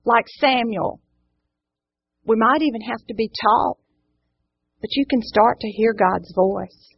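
A woman's voice: on the high side, slow, vocal fry, slightly rough. A woman gives a Bible study talk to a live group, earnest and encouraging, often asking them questions. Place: indoor room with a live group. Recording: dull lo-fi recording.

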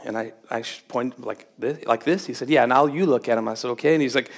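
A man's voice: mid-range voice, quick pace, creaky. A middle-aged man preaching a sermon to his congregation, chatty and humorous, building to emphatic exhortation. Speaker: pastor. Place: church sanctuary with congregation.

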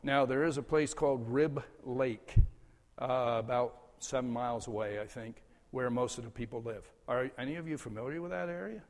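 An older man speaks from the pulpit as a departing pastor. His delivery is slow and halting, with many "uh" fillers and soft chuckles. His mid-pitched voice carries a long church reverb. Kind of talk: farewell address from the pulpit. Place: church sanctuary.

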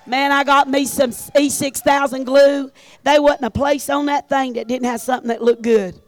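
Folksy woman preacher, high voice. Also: little pitch movement, normal speed. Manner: folksy storytelling, acts out quoted voices. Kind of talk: sermon testimony.

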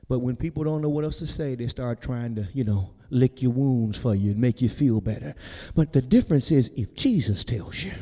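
A pastor preaching a sermon in a folksy, conversational way, building to near-shouts and then dropping soft. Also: male voice, medium pitch, lively intonation, fairly quick, husky, long reverb tail. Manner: folksy, conversational, talks straight to the congregation. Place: church sanctuary.

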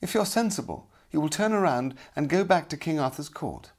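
A man's voice: lively intonation, a little fast. A man voicing a haughty young noblewoman in a storybook, speaking sharply and indignantly in a raised voice. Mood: scornful. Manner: sharp, indignant, high-pitched. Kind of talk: audiobook character voice.

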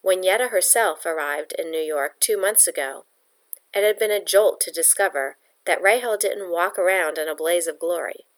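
A woman reading a novel aloud with a steady, measured storytelling delivery. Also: on the low side. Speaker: audiobook narrator. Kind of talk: audiobook reading.

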